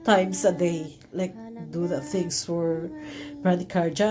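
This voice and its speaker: A woman vlogger telling a personal story in an earnest, emotional way, halting often with fillers and restarts. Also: fairly low pitch, steady tone.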